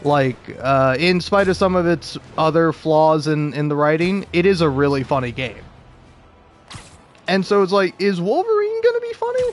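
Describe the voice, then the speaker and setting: A man's voice: a little high, a little slow, a little hiss or hum. A young man talking casually about video games, rambling with lots of fillers and frequent laughs. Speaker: video game commentator.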